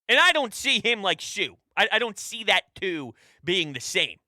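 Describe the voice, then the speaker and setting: A man hosting a sports talk show, ranting emphatically and swinging between shouted hype and quiet asides. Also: high-pitched, big pitch swings, moderate pace, no echo. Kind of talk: fired-up sports radio rant.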